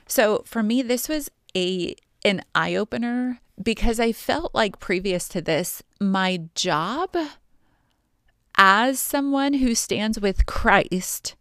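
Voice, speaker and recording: A married woman telling a personal faith testimony in an earnest, reflective way, with pauses and fillers. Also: medium pitch, lively intonation, fairly bright tone, clear, resonant tone, no room sound, clean studio sound. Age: adult, married. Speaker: Christian speaker sharing a testimony.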